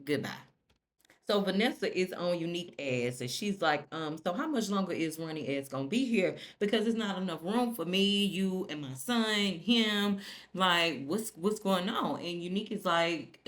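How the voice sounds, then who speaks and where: A woman's voice: on the low side, expressive, moderate pace, fairly bright tone. A woman recapping a TV episode in a sassy, profane, chatty way, retelling scenes through quoted dialogue. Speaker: TV recap vlogger. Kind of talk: casual recap narration.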